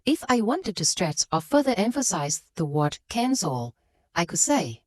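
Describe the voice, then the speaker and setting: A woman for whom is a gives a scripted lesson in a fairly low but very lively voice, pushing hard on the words she wants to stress. The recording is close and dry, with no room sound. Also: measured pace, dry recording. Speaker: English teacher.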